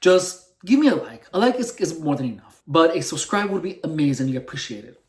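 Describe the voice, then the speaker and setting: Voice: medium pitch, lively intonation, fairly quick, echoey room, recorded from a distance. A channel host in a casual monologue to camera, rambling and profane and often repeating words.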